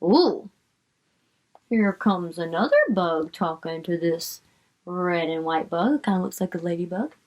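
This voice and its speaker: A woman's voice: fairly low pitch, a little slow, a little mellow. A woman reading a picture book aloud to young children, stretching out the words she reads and coaxing the child with questions.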